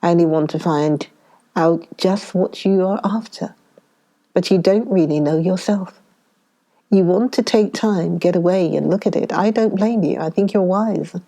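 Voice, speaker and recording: A woman's voice: lowish voice, a little slow. A woman reading a cool, mocking gamekeeper. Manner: dry, gently mocking. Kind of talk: audiobook dialogue reading.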